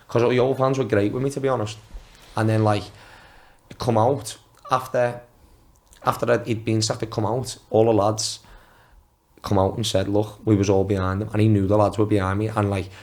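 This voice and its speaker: A man's voice: lowish voice, darkish tone. A man in his twenties, a former footballer guest on a podcast, telling casual anecdotes and acting out quotes in a raised voice, swearing freely. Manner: swears freely, talks in restarts. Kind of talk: casual storytelling.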